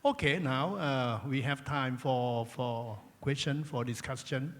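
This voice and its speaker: A man moderating a panel discussion at a conference, with a halting, filler-heavy delivery. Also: medium pitch, fairly bright tone. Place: conference hall. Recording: reverberant conference hall.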